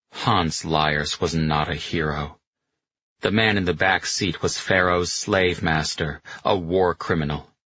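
A man narrating an audiobook in a measured, grave manner, in a slightly dull, lo-fi recording. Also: low voice, a bit bright, husky, dry recording.

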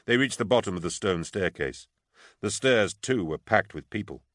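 Low-voiced guy reading a novel, dry close sound, measured. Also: expressive, fairly bright tone, dry recording. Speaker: audiobook narrator. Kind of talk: scripted narration.

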